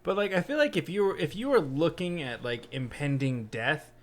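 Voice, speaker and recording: A man's voice: a little high, lively intonation, moderate pace. A man co-hosting a podcast, reading creepy stories aloud in a casual way and breaking off with blunt, joking reactions.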